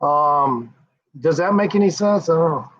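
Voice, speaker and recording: A man's voice: a little high, expressive, unhurried, fairly bright tone. An American man hosting a casual livestream, rambling and swearing, chuckling often as he talks to viewers. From United States. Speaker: livestream host. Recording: dull lo-fi stream audio.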